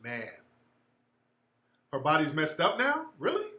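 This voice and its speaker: A man's voice: fairly high pitch, normal speed, sharp tone, roomy sound. A man hosting a casual livestream chat, answering viewers in a blunt, slangy, profane way.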